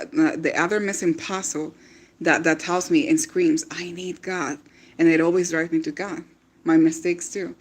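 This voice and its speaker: Woman doing a devotional livestream, talks chatty and warm-hearted, laughs a lot, stumbles and repeats herself. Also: lowish voice. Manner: chatty and encouraging, laughs often, repeats words. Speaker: online prophetic speaker.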